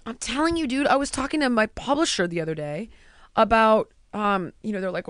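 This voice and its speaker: A woman in casual chat, telling stories in an animated way and acting out what people said. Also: a little high, brisk, no echo, studio quality. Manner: animated storytelling, acting out quotes.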